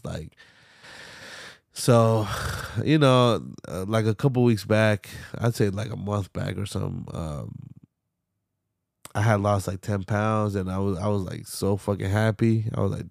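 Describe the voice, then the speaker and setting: Young man, podcast host, low gravelly voice, dry close sound, casual profane rambling, lots of fillers. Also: fairly even intonation, moderate pace, a little mellow, no room sound. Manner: loose, profane, frequent fillers and sighs.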